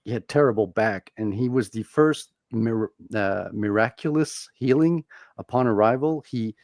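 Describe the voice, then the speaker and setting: A man's voice: medium pitch, moderate pace, a little mellow, no echo, studio quality. A French Canadian man telling stories in a casual podcast chat, earnest and explanatory. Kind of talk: casual storytelling.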